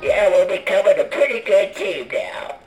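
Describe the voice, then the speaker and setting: Higher-voiced male co-host in an echoey room. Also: lively intonation, moderate pace, music in the background. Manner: short teasing interjections. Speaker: podcast co-host. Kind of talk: casual banter.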